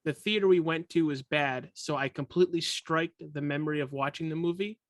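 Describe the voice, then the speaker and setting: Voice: mid-range voice, brisk, no echo. Joking, rambling podcast host, dry sound. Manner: rambling, self-correcting and jokey. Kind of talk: casual podcast chat.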